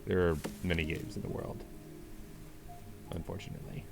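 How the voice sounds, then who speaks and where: A man's voice: low voice, fairly even intonation, moderate pace, vocal fry. A young man streaming a puzzle game, talking through it with dry, wry humour and reading in-game text aloud. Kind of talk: let's play commentary.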